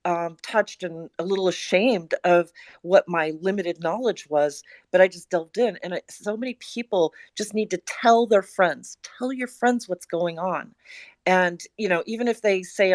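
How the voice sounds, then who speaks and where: A woman speaking earnestly and emotionally in an audio chat room, halting with many pauses and fillers. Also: lowish voice, no echo. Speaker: guest speaker.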